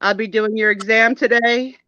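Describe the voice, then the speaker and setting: A woman's voice: on the high side, fairly even intonation, moderate pace, bright, forceful tone, no echo, voice pushed up. A woman voicing a formal, prim male doctor doll who speaks in a reassuring but pedantic way. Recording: dull lo-fi dry sound.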